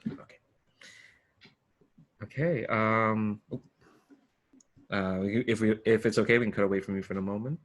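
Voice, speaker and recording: A man's voice: lowish voice, steady tone, moderate pace, long pauses. A man narrating as game master, rambling with many fillers and restarts over a video call.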